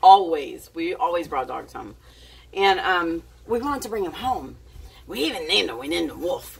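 A chatty woman telling a story at home, her voice husky and a little low. Her pitch swings widely as she talks. She sits a little back from the mic, so the sound sits at a slight distance. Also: big pitch swings, moderate pace. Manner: chatty, giggly, with many fillers and restarts. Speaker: vlogger. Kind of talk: casual storytelling to camera.

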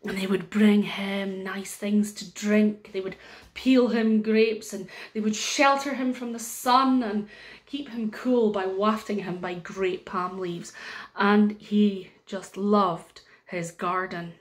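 A Scottish woman telling a story to young children, animated and sing-song, with pauses and chatty asides. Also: medium pitch. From Scotland.

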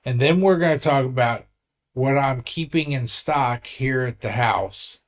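A man's voice: medium pitch, measured pace. A man in his sixties, a vlogger telling a story in an earnest, rambling way with frequent restarts. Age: 60s. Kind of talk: casual vlog talk.

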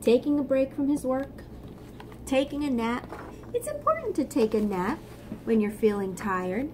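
A woman reading a picture book aloud to young children, gently stopping to explain things. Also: sits high, sing-song, normal speed, noisy background. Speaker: storyteller for children.

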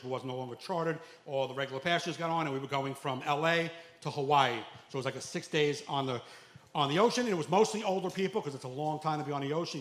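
Lively stand-up man in echoey club. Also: a little high. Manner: animated, acts out characters with loud outbursts. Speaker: stand-up comedian. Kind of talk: stand-up set. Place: comedy club. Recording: echoey club with faint ambience.

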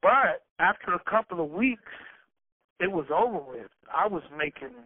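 A man's voice: sits high, expressive, moderate pace. A man being interviewed, telling a loose story full of swearing and stammered restarts. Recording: dry, tinny phone-like sound.

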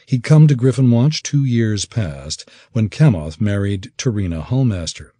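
A man reading an audiobook in expressive, measured scripted narration. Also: lowish voice, no room sound, studio quality.

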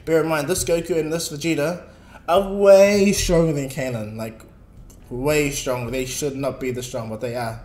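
A man's voice: medium pitch, fairly even intonation, normal speed. A man casually narrating a fan story in a rambling way, with filler words. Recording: echoey room, faint music.

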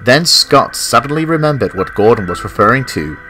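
A man narrating a children's story in an expressive, measured storytelling way. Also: mid-range voice, background noise. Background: music.

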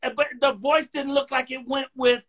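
A male talk show host with a very high, bright voice, playful and quick to laugh. He acts out other people's words as he tells stories. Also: flat delivery. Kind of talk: casual interview chat.

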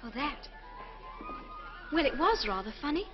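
A bright, teasing young nurse. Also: female voice, high voice, very animated, measured pace. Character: young fair-haired nurse, teasing and spirited. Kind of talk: 1950s film acting. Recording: dull old film soundtrack with music.

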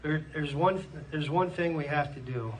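A man's voice: a little high, moderate pace. A man preaching a sermon in a church, earnestly reading scripture aloud and punctuating points with amens, with a Pennsylvania American accent. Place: church hall. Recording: distant mic in a church with faint room noise.

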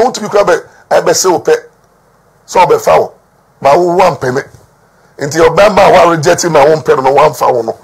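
A man's voice: on the high side, creaky, slightly rough. A man with a Ghanaian accent giving emphatic gossip news commentary, repeating words for stress and mixing Twi with English. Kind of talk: talking-to-camera gossip commentary.

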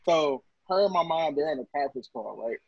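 A man with a high, husky voice tells stories in a casual podcast chat. The sound is dull and dry. He laughs often as he talks. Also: lively intonation, a little fast, no room sound. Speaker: podcast co-host.

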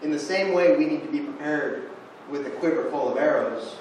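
A man's voice: fairly high pitch, fairly quick, a little mellow. Young man preaching in an echoey church. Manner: conversational, self-deprecating storytelling. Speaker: guest preacher. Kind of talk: sermon. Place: church sanctuary. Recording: echoey church room from far off, noisy.

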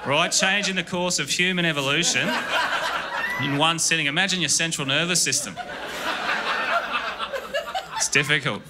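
An Australian man doing a stand-up comedy set in a club, rambling and deadpan, often breaking off mid-sentence. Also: on the high side, moderate pace, long pauses, very noisy. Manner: rambling, deadpan, self-interrupting. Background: audience laughter.

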